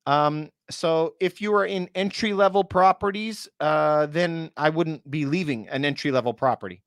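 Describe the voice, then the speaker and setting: A man's voice: on the high side, clear, resonant tone, no echo, studio quality. A man, a real estate broker, chatting casually on a livestream and answering viewers by name, his voice going from too much talk. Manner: chatty, addresses viewers by name, quick asides. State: losing his voice.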